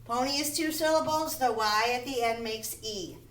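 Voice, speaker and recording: A woman teaching a phonics lesson to first graders, slowly sounding out and repeating words. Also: a little high, very noisy. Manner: slow, deliberate, repeats words and sounds them out. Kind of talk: phonics lesson for young children.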